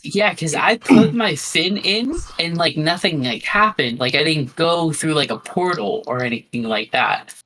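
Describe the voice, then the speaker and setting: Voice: medium pitch, unhurried, few pauses, bright, forceful tone, slight background noise, low-quality recording. A tabletop player narrating their character's actions in a rambling, hesitant, chuckling way.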